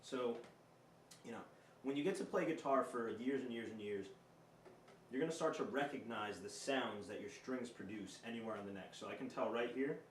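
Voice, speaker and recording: A man's voice: mid-range voice, normal speed, slight background noise. A man giving a casual guitar lesson in a loose, chatty way with filler words. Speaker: guitar teacher. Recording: roomy, distant mic with guitar playing. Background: guitar notes played between phrases.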